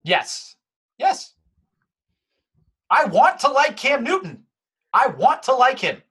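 A man's voice: very high voice, big pitch swings, slow, a bit bright, slightly rough. A man co-hosting a casual sports podcast, blunt and stubbornly dismissive.

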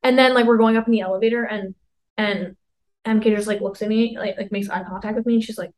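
A woman's voice: medium pitch, steady tone, quick pace, poor audio. A young woman in her twenties co-hosting a podcast, telling a rambling story full of "like" and acted-out quotes. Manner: rambling, heavy use of "like", acts out quotes. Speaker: podcast co-host. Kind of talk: casual storytelling chat.

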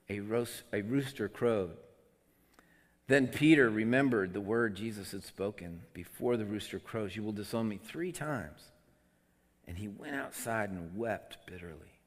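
A man preaching a sermon, swinging between loud, emotional outbursts and quiet, conversational asides. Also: on the low side, a little slow. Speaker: pastor. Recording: long hall reverb.

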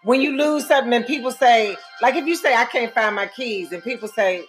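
A blunt, sassy woman co-hosting a casual podcast, her voice sitting a little high. She rants freely and swears. Faint music plays under the talk. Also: fairly quick. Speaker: podcast co-host.

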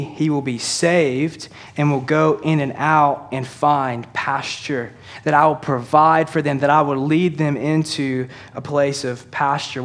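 A man preaching a sermon, speaking earnestly to his congregation and easing into slow, soft emphasis on key lines. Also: mid-range voice. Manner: earnest preaching, addresses congregation as church and y'all. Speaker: pastor.

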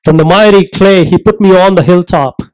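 A man preaching a sermon, earnest and emphatic, asking rhetorical questions and slowing down to stress his points. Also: sits high, darkish tone, low-quality recording.

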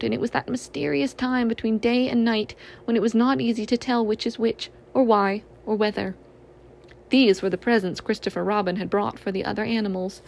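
A woman gently and expressively reading a children's storybook aloud. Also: on the high side, creaky.

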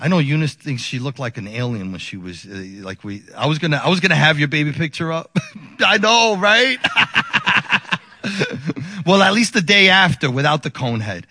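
A man in his forties, a pastor telling a personal story in a sermon, animated and laughing often as he acts out the people in it. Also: on the high side, normal speed, breathy edge, no echo, studio quality.

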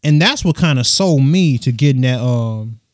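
A young man hosting his own casual solo podcast, talking softly and rambling with slang, swearing and lots of fillers, recorded on a USB microphone into his phone. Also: lively intonation, moderate pace, no room sound, clean studio sound. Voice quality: soft, low-key voice. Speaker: podcast host.

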